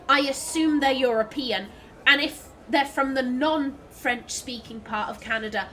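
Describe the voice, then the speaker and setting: A woman's voice: high voice, sharp tone, a little hiss or hum. A woman, chatting through a video game as a let's play host, swearing freely and laughing often. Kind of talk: casual gameplay commentary.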